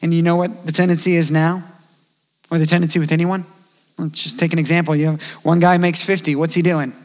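A man in his thirties preaches a sermon in a relaxed, conversational tone. His voice sits fairly high for a man, and he acts out the figures he quotes. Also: fairly quick. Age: 30s. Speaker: pastor.

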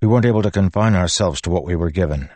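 A man's voice: deep voice, rapid-fire, darkish tone, no room sound. A man voicing a troubled older warlord king, speaking earnestly and pressingly.

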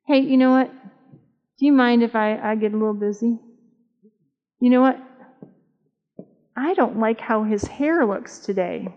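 A woman's voice: fairly high pitch, moderate pace, pauses often, a little mellow. A woman in her fifties giving a conversational, humorous sermon at a church camp meeting, telling stories and asking the audience questions. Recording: dull sound with long hall reverb.

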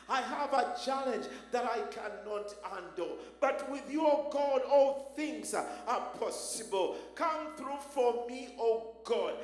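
A desperate man cries out in loud, fervent prayer, begging for mercy and help, as a preacher acts him out. The voice sits very high for a man. It rings through an echoey church hall with faint music behind. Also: exaggerated voice.

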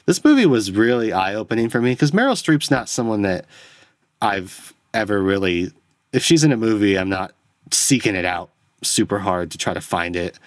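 Solo podcast host, man, deep voice, rambling and profane with self-mocking asides, dry studio sound. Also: animated, moderate pace, no echo. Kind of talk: solo film review rant. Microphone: close podcast microphone.

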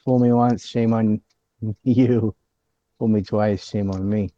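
A man's voice: on the low side, steady tone, slow, mellow, dull audio, a little hiss or hum. A man hosting a casual political chat, blunt and opinionated, ranting about the news.

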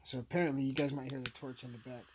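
A man's voice: mid-range voice, fairly even intonation, fast, noisy background. A man giving a casual, blunt, profane recap of a crime case, rambling as he goes. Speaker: true-crime commentator.

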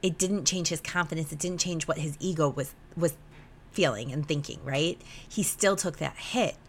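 Brief: young woman host, lowish voice, emotional confessional monologue, salty language, faint background hum. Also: moderate pace. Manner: emotional, swears freely, animated retelling. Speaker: podcast host. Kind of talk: candid personal podcast monologue.

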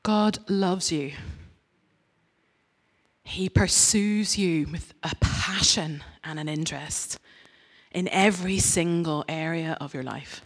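A woman's voice: low voice, a little slow, breathy edge. A woman giving a conversational sermon as a church speaker, candid and self-mocking in her stories, earnest and direct in her appeals.

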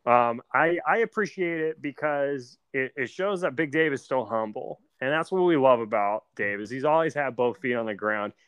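A man's voice: medium pitch, moderate pace, hardly any pauses, fairly bright tone, clear, resonant tone, no echo. A man co-hosting a podcast, chatting casually with dry, mock-serious jokes. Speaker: podcast co-host.

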